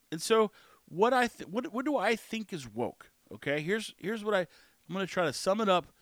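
A man's voice: sits high, no echo. A man giving a blunt, sarcastic opinion monologue, slipping into acted voices.

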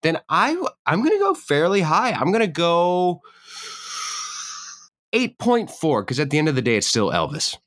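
A man trading guesses in a casual movie chat. His pitch moves a lot, and he talks in a playful, excitable way. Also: normal speed.

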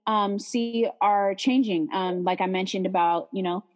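A woman's voice: medium pitch, measured pace. A young woman from the Bay Area co-hosting a podcast, talking casually with lots of fillers. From San Francisco Bay Area. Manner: relaxed, chatty, many fillers and likes. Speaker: podcast co-host.

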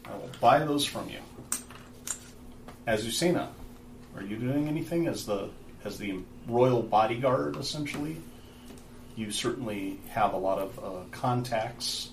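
A man's voice: medium pitch, a little slow, gravelly, long pauses. A man running a tabletop game as game master, explaining rules in a loose, filler-heavy way. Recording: roomy, distant, noisy.

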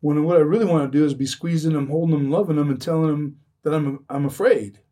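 An earnest man talks with a mellow, slightly husky voice, circling back and restarting his sentences as he makes his point. He sits a bit back from the microphone, so the sound is a little distant. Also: on the high side, quick pace. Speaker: addiction recovery speaker. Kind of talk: earnest podcast conversation.

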